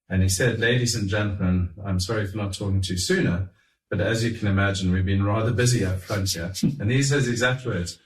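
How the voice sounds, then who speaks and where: A middle-aged man telling anecdotes in an animated, chuckling way, acting out what others said. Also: low voice. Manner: animated, chuckling raconteur who acts out quotes. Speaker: guest telling stories. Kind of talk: anecdotal storytelling. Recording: roomy, distant mic.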